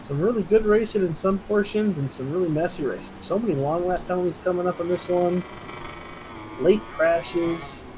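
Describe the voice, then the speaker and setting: A man's voice: sits high, moderate pace. Casual male race caller, laughs easily, noisy stream audio. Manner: chatty, laughs easily, restarts mid-sentence. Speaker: race commentator. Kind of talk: esports race commentary.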